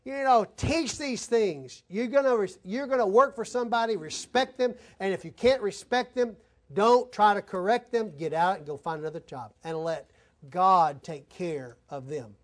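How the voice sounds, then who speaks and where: A man's voice: high-pitched, normal speed. A man preaching a conversational sermon to his congregation, telling stories and talking straight to the folks in the room. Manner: conversational preaching, addresses folks directly, tells anecdotes. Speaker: pastor.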